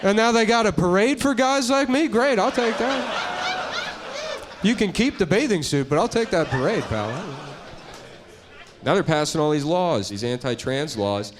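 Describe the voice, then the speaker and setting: A man doing a stand-up comedy set on stage before a live audience, talking in a crude, deadpan way and slipping into mocking voices. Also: sits high, normal speed, noisy background.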